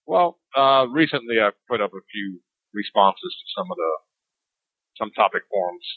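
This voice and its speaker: A man's voice: mid-range voice, very animated, moderate pace, gravelly, breathy edge, no echo. A man hosting a casual podcast, reading listener mail aloud and joking with his co-hosts. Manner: joking, laughs often. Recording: dull lo-fi dry sound.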